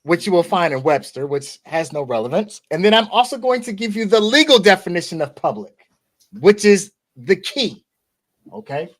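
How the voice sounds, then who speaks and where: Male podcast host from the US, slightly higher voice, casual talk full of restarts and check-ins. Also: sing-song, normal speed. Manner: conversational, repeats and restarts, frequent "okay?" asides.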